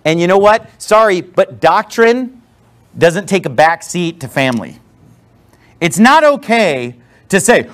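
Man pastor preaching in church, high voice, blunt and punchy, goes all over in pitch. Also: very animated, measured pace. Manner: emphatic, blunt, with sarcastic asides. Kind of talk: sermon. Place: church with a responding congregation.

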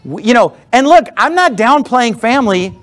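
A man's voice: extremely high pitch, sing-song, moderate pace. A man preaching a sermon as a pastor in a church, blunt and emphatic, with sarcastic asides. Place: church with a responding congregation.

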